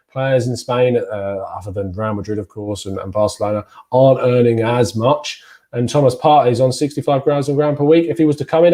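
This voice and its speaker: Host: man, mellow low tone, rambling fan-commentary delivery, punchy on names. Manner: chatty, rambling, lively emphasis on names. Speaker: football fan channel host.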